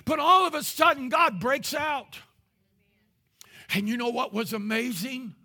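A man, preaching a sermon as pastor with impassioned rises into shouting. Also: very high voice, unhurried, vocal fry.

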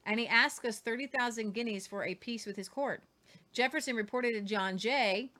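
A woman's voice: on the high side, normal speed, sharp tone. A woman hosting a casual history talk, reading quotes aloud with jokey asides and stumbles over names. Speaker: host.

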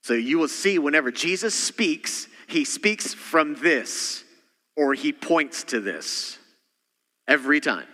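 A man, a senior pastor, preaching a sermon and swinging between loud emphatic lines and quiet, almost whispered asides. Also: fairly high pitch, expressive, slow. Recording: church hall reverb.

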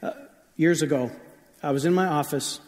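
A man's voice: a little high, moderate pace, big-room sound. A man preaching a sermon as pastor, telling stories in a conversational way with frequent shifts of pace.

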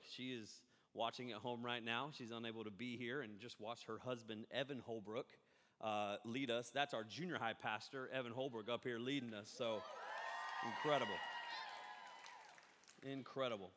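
A man preaching a sermon, rambling and animated, often breaking off mid-thought. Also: mid-range voice, moderate pace. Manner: rambling, animated, self-interrupting. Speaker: pastor. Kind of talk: live-streamed sermon. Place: church hall. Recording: echoey hall reverb.

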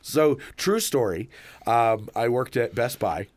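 A middle-aged man rambles through a casual story, leaning on ums and you-knows as he goes. His voice sits at a medium pitch. The recording is dry and close, with no room sound. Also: expressive, slow pace, no room sound. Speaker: manager and podcast co-host.

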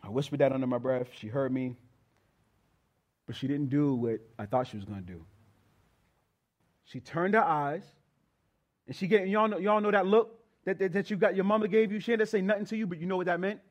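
A man's voice: high-pitched, fairly quick, pauses often. A man preaching a sermon, moving from prayer into a personal story and talking straight to the congregation. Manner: conversational preaching, addresses congregation as y'all.

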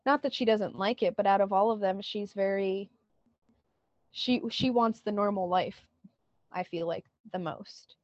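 A woman's voice: mid-range voice, unhurried, a little mellow, no echo, lo-fi sound. A woman co-hosting a podcast, retelling a TV scene in casual chat and quoting lines with lots of "like". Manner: retells scenes with many "like" quotes. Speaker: podcast co-host.

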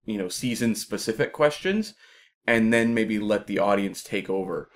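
A man co-hosting a casual discussion, talking in a measured, explanatory way. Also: on the low side, animated. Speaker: podcast co-host.

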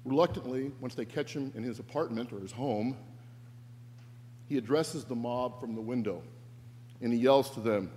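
A man's voice: medium pitch, normal speed, long pauses, dark tone. A man preaching a sermon as pastor, earnest and reflective, shifting his emphasis. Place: church sanctuary. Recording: echoey church with faint hum.

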